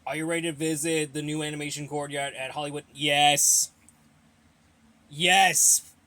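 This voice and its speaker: Young guy doing a q&a, kinda high voice, rambly and blunt, bit out of breath. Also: level tone, fast. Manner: rambling, repeats himself, blunt opinions. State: a little out of breath. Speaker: host of a fan Q&A channel. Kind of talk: casual Q&A reading viewer questions.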